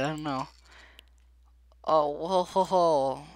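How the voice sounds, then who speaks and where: A woman's voice: deep voice, takes it slowly, long pauses, darkish tone, no echo. A woman giving casual gameplay commentary, chatty and jittery, pleading aloud with the characters and talking to her viewers. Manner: addresses viewers directly. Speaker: gameplay video creator.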